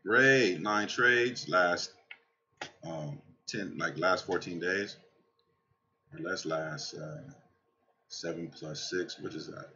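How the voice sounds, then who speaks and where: A man giving casual, excitable trading commentary over a screen share, swearing and talking straight to his viewers, tired from a night without sleep. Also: low voice, slow pace, long pauses, highs cut off, a little hiss or hum. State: tired from staying up all night. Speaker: crypto trading channel host.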